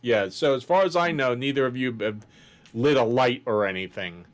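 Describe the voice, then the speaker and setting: A man narrating as game master of a tabletop game in a deliberate, descriptive way. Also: mid-range voice.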